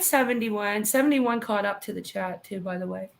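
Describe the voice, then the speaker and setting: A woman in her thirties co-hosting a podcast, chatting casually, reading out live comments and telling quick stories with a lot of giggling. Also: medium pitch, gravelly. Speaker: podcast co-host.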